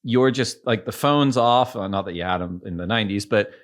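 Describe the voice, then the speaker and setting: A man's voice: on the low side, a little fast. A man hosting a surf podcast, asking long, thoughtful questions with frequent restarts. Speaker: podcast host. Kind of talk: conversational interviewing.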